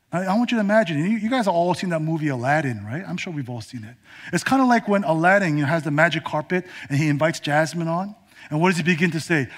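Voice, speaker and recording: A male preacher with a high voice delivers a sermon dramatically. He swings between emphatic declarations and near-whispers. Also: slightly rough.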